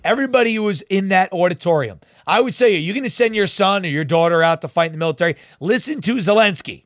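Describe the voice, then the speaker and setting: A man's voice: sits high, a bit bright, no echo, studio quality. A man hosting a talk show, delivering fiery, emphatic and sarcastic political commentary.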